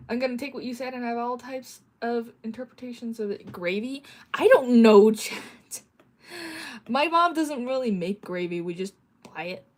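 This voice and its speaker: A woman with a fairly high voice streams live and chats casually with her viewers as she draws. She reads their messages aloud, laughs easily and bursts into playful mock shouting. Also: lively intonation, moderate pace. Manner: giggly, joking, playfully bursts into mock yelling. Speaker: streamer reading chat. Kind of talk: casual livestream chat while drawing.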